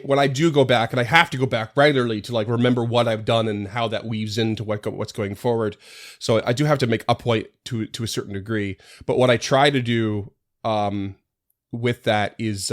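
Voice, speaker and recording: Male game master in casual podcast chat, reflective and rambling, quick to laugh. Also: medium pitch.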